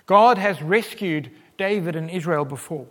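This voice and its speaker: A man's voice: high-pitched, unhurried. Earnest preaching man in a reverberant hall. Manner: earnest, emphatic, with wide swings in loudness. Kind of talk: sermon.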